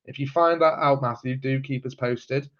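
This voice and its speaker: Speaking at a moderate pace with fairly even intonation, this man has a mid-range, fairly bright voice. He hosts a live genealogy stream, casually working through viewer comments with lots of ums and chuckles, over slightly muffled lo-fi audio.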